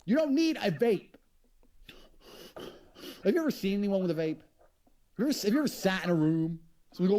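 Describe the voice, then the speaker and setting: Man in played clip, boastful, profane, swaggering, lively swooping pitch, slightly high voice. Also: a little fast, long pauses. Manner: brash, profane, provocative bragging. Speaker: interviewee in played clips. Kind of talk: boastful monologue.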